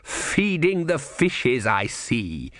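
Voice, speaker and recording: A man voicing a cold, soft-spoken male inquisitor who talks slowly and deliberately, with silky menace. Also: mid-range voice, very animated, no room sound, studio quality, heavily acted. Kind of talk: audiobook character voice.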